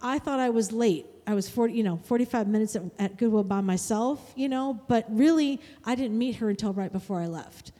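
A woman telling a personal faith testimony in an earnest, chatty way, with small restarts and soft laughs. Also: a little high, brisk, few pauses. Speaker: guest sharing a testimony. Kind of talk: casual testimony storytelling. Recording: long hall reverb.

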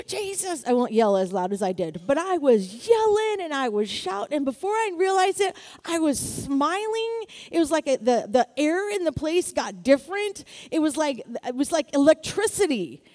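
A middle-aged woman preaching a sermon in a lively, exclaiming way, often asking for amens. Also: high-pitched, normal speed. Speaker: pastor.

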